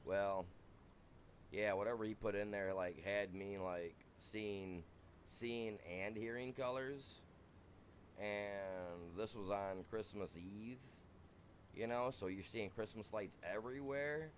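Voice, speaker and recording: Man, American accent, young adult, low voice, rambling casual storyteller, faint background noise. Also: slow. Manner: rambling, animated, says "dude" constantly. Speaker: streamer. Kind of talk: casual storytelling on a game stream.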